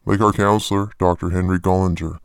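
Guy playing a low gravelly therapist doing a parody ad, calm earnest deadpan, dry close sound. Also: fairly quick, dry recording. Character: smooth male therapist pitchman in an ad. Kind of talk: parody ad voice-over.

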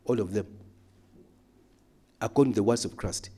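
A man teaching a Bible study in a church hall, emphatic, moving between loud calls and quiet asides. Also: lowish voice, normal speed. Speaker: pastor.

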